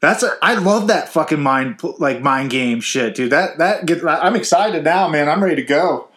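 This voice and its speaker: A man hosting a podcast, reacting with excited, profane interjections. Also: fairly high pitch, moderate pace. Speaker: podcast host. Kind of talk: casual chat.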